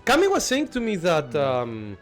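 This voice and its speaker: A man with a fairly high, lively voice talks through a game on stream, excitable and chatty, quick to laugh and swear. English is not his first language. Faint game music plays underneath. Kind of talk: live gameplay commentary.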